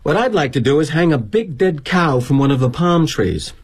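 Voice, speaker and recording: A man's voice: a little high, lively intonation, normal speed, slightly rough, voice pushed up. A man voicing his character's exasperated wife, blunt and tart. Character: exasperated wife, middle-aged woman.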